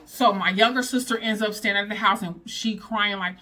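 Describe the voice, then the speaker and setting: A woman vlogger telling a personal story in a casual, animated, dramatic way, full of slang. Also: medium pitch, moderate pace.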